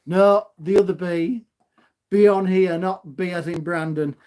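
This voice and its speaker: A loud, gobby man chats on a live stream from his phone at home, laughing as he goes. His voice sits fairly high for a man, and he takes his time over the words. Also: fairly even intonation, a little slow, smooth. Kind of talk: casual live stream chat.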